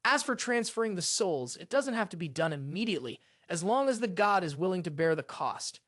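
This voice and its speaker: A man voicing a proud, furious male sun god who rants indignantly in a high, lively voice. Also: fairly quick, no echo, studio quality, exaggerated voice. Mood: calm. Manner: indignant, ranting.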